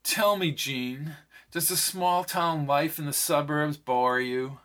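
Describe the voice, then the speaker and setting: A man reading the lines of a smooth, charming male executive, slow and self-assured. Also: a little high, a bit bright. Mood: smug.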